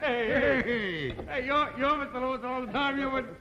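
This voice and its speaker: A man with an American accent playing a loud, blustery working-class guy in an old 1950s TV sitcom. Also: very high voice, fairly even intonation, moderate pace, muffled recording, a crowd in the background. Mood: jovial. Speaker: traveling contest winner. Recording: old TV audio, hissy, reverberant.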